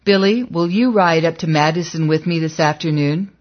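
A narrator voicing a friendly male church member who speaks in a warm, inviting way, read as an audiobook character. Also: medium pitch, normal speed, lo-fi sound, natural voice.

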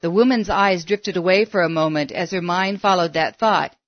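A woman narrating a story in a measured, steady storytelling manner. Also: lowish voice, dry recording. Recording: dull, dry lo-fi recording.

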